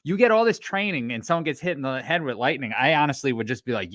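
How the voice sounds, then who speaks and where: A man's voice: medium pitch, expressive, fast talker, hardly any pauses, a bit bright, dry recording, clean studio sound. A man co-hosting a podcast, introducing clips and reacting with casual profanity. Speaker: podcast co-host.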